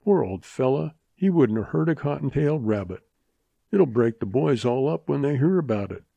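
Man playing a sly young cowboy, drawling, folksy, mock-mournful, dark husky voice. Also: medium pitch, animated, moderate pace, no echo, lo-fi sound, pitched above the performer's own voice. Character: young Texas cowboy, sly and smooth-talking.

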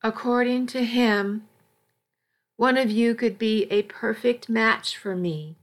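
A woman reading a soft-spoken ailing mother. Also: a little high, slow. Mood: subdued. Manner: soft, subdued. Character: frightened, ill middle-aged mother asking a favor.

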